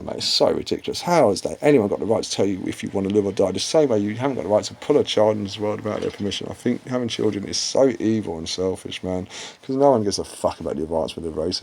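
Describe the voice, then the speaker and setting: A man rants to his channel followers. His voice sits on the low side. He swears freely and wanders from thought to thought in a blunt, unfiltered way. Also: creaky, a little mellow, husky. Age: 40s. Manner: profane, meandering, blunt. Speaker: channel host. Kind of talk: casual rambling rant.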